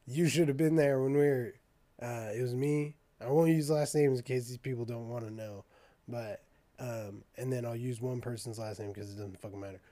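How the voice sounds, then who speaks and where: A man's voice: mid-range voice, normal speed. A young man telling a rambling, profane story in casual chat, acting out the other people's lines. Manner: profane, animated storytelling with quoted dialogue.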